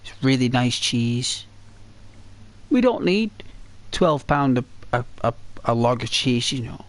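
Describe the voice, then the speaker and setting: A man's voice: mid-range voice, big pitch swings, slow pace. A man streaming a video game, chatting to his viewers in a rambling, chatty way with many restarts. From Britain. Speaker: gaming streamer. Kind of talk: casual chat to viewers while playing.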